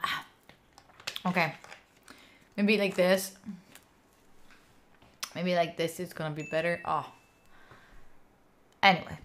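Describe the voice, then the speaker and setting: Chatting with live viewers from a room at home, this young Italian woman swears freely and responds to her chat in an Italian accent. She speaks slowly in a steady, lowish, slightly bright voice with long pauses, over slight background noise.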